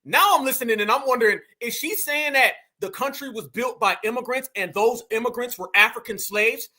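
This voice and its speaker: A man runs a heated political commentary show, hammering his points and repeating them to his viewers. His voice sits very high for a man. It has a piercing, bright edge. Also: husky. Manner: emphatic, repeats points, keeps addressing the audience as fam and y'all. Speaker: commentary channel host.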